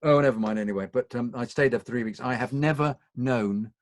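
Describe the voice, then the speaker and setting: A middle-aged man, a voice actor, chatting in a relaxed Q&A over a video call, talking haltingly with many fillers and restarts. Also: mid-range voice, no echo. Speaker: guest voice actor. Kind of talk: casual Q&A chat.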